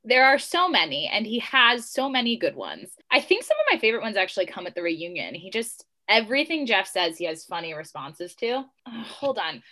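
Bright, bubbly woman co-host. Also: mid-range voice, sing-song, brisk, hardly any pauses. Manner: bubbly, laughing storyteller. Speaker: podcast co-host. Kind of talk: casual podcast chat.

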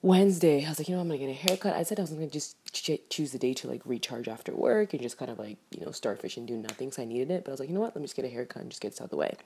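A young woman telling a casual storytime rant to camera, animated and exasperated, swearing freely. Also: a bass voice, rapid-fire, gravelly, hardly any pauses, slight background noise. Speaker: vlogger.

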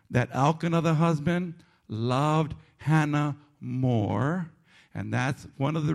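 A man preaching a sermon as pastor of a church, animated and self-mocking, swinging between loud emphasis and low asides. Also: creaky.

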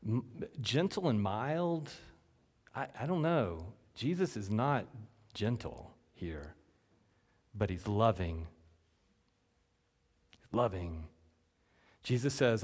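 A man's voice: fairly low pitch, slow, long pauses, slightly rough. Preaching man in a reverberant hall. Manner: animated preaching, swings between loud emphasis and hushed lines. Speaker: pastor. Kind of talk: sermon. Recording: long reverb from a large hall.

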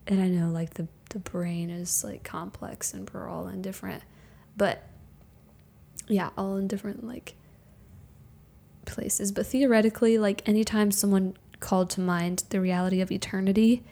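A woman's voice: mid-range voice, vocal fry, dark tone. A woman co-hosting a casual faith chat, talking freely with many filler words and frequent laughter. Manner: chatty, laughs often, many filler likes.

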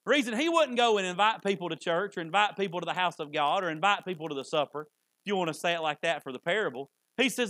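A man's voice: high voice, lively intonation, fast talker, sharp tone, dry recording. A male preacher delivering a folksy sermon, often repeating words as he restarts. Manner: folksy, repetitive, stammers on restarts.

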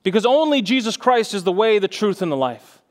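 Young male pastor, high voice, earnest preaching with fervent peaks. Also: very animated, brisk. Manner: earnest, rising to fervent emphasis. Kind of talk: sermon.

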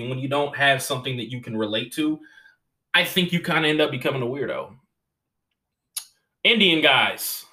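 A comedian and podcast host telling stories in a casual, profane, animated way and laughing as he goes. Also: on the high side. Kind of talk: casual storytelling chat.

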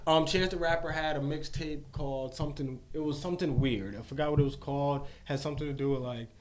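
A man's voice: a little high, fairly even intonation, fast, slight background noise. Laid-back man in casual podcast chat. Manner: loose and profane, breaks into loud laughter. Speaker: podcast co-host.

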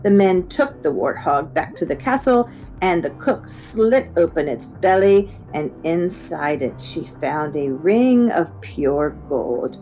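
A woman reading a children's book aloud with expressive storytelling. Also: sits low, low-quality recording. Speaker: reader.

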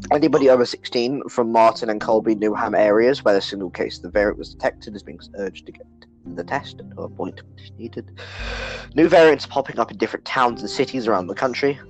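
A man co-hosting a podcast who reads the news out plainly between crude jokes. His voice sits at an ordinary middle pitch. Faint music plays underneath. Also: brisk, rough recording. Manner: crude, joking, reads headlines flatly. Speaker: podcast co-host. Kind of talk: casual podcast chat, reading news aloud.

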